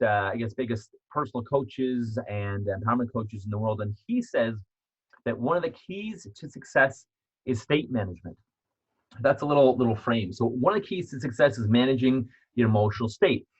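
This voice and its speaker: A man's voice: mid-range voice, breathy edge, highs cut off. A man giving a motivational self-help talk as author and speaker, earnest and repetitive, often restarting his sentences.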